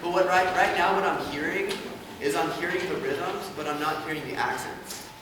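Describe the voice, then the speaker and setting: Brief: male conductor, slightly high voice, picked up from afar in a reverberant hall, orchestra playing around him. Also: moderate pace, far from the mic, noisy background. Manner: sings rhythms to demonstrate; checks in with short questions. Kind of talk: rehearsal instruction. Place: large rehearsal hall with orchestra.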